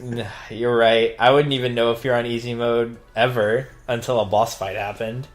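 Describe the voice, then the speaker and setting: A man chatting casually while commenting on a video game, teasing and animated, with sudden loud outbursts. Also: mid-range voice, moderate pace, faint music behind. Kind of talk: casual let's-play chat.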